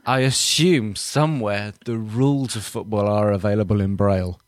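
A man's voice: lowish voice, fairly even intonation, normal speed, no echo. A man hosting a podcast in casual chat, joking, laughing often and acting out quoted voices. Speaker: podcast host.

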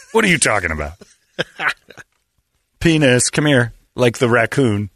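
Man, middle-aged, radio host, animated storyteller, swinging pitch, dry close sound. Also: normal speed, pauses often, no room sound. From Phoenix, Arizona. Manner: animated storyteller, acts out characters in raised voices. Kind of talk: casual morning show banter and storytelling.

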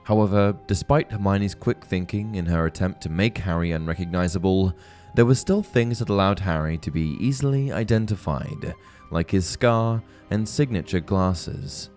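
A man hosting a fan theory video, giving measured, scripted narration. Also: low voice, a little mellow, faint music behind. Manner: measured, explanatory. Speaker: host of a fan theory channel. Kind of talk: scripted narration and book reading.

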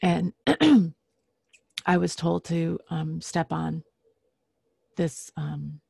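A woman telling a personal story casually, halting often with fillers and restarts and clearing her throat now and then. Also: low voice, mellow, dry recording, studio quality.

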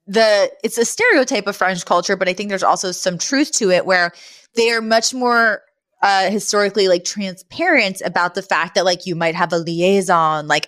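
A woman's voice: fairly low pitch, fairly bright tone, dry recording, studio quality. A woman co-hosting a podcast, chatting casually as she recaps a sitcom episode and acts out the characters' lines. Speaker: podcast co-host.

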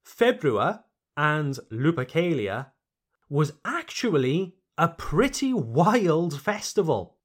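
A native English-speaking man hosts a podcast pronunciation lesson, talking slowly and carefully and repeating each word for his learners. His voice sits slightly high and swoops with lively, animated intonation. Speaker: English teacher and podcast host.

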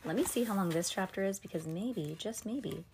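A woman's voice: medium pitch, moderate pace, background noise. A woman reading a novel aloud casually, correcting herself and adding chatty asides. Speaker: reader.

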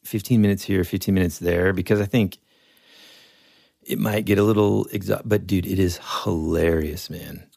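A man's voice: deep voice, steady tone, normal speed, vocal fry, darkish tone, no room sound, clean studio sound. A middle-aged man co-hosting a podcast, chatting casually and enthusiastically about movies, often saying "man" and "dude". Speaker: podcast co-host. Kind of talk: casual chat.

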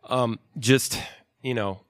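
A man's voice: medium pitch, fairly even intonation, slow pace, fairly bright tone, clean tone, no room sound, studio quality. A man in his thirties, a touring musician, giving laid-back, profane, rambling advice in casual talk.

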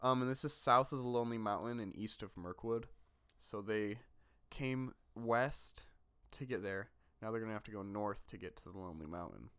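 A man's voice: lowish voice, normal speed, hardly any pauses, a bit bright, clean tone, dry recording. A man co-hosting a podcast in casual chat, talking in a rambling, easygoing way full of fillers. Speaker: podcast co-host. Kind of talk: casual chat about a fantasy book.

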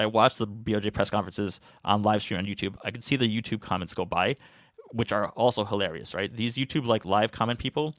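A man's voice: on the low side, a bit bright, dry recording, clean studio sound. A man hosting a market commentary, talking in a sarcastic, rambling way with lots of fillers and restarts. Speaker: market analyst host. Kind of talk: opinionated commentary monologue.

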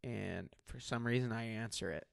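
A man's voice: on the low side, moderate pace, gravelly, no room sound, studio quality. A young man telling a personal story in casual chat, emphatic and full of "like" fillers.

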